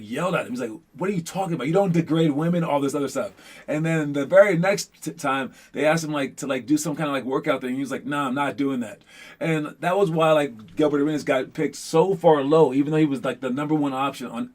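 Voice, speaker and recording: Rambling casual young-sounding male host. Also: medium pitch. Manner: rambling, many restarts and fillers, addresses the audience as guys. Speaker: basketball show host. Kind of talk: casual chat to viewers.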